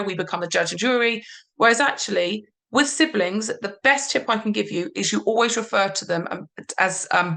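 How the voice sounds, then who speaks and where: A woman parenting coach explaining calmly in a podcast conversation, sometimes voicing what a parent or child might say. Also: mid-range voice, creaky. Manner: calm, explanatory, acts out parent and child lines.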